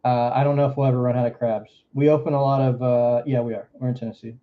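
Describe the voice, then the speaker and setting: A man's voice: mid-range voice, flat delivery, fast, phone-quality sound. A man from Florida with a Southern accent, hosting a livestream in casual, joking, rambling chat. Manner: rambling, joking, drawling asides. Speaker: livestream host.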